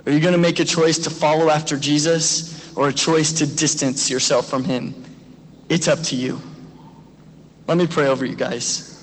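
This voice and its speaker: Pastor, man in his 30s, high tenor, earnest exhorting sermon, long hall echo. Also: fairly even intonation, normal speed. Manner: earnest, exhorting, asks direct questions. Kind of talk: graduation sermon and prayer.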